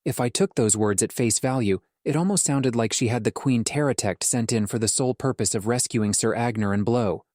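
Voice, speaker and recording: A man narrates a fantasy audiobook in first person, speaking in a measured and earnest way at a mid pitch. The recording is dry, with no room sound. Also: a little mellow, no room sound. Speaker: audiobook reader.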